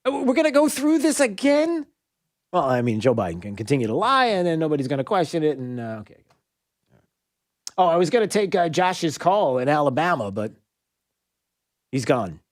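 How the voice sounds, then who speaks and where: Animated, sarcastic talk radio host man. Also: on the high side, brisk, long pauses, no room sound, clean studio sound. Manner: animated and sarcastic, often laughing at his own remarks. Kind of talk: opinionated talk radio commentary.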